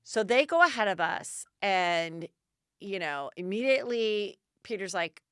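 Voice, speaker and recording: A woman's voice: medium pitch, animated, a little slow, smooth, dry recording, studio quality. A middle-aged woman podcast host telling a story in a casual, chatty way and acting out the dialogue in bursts.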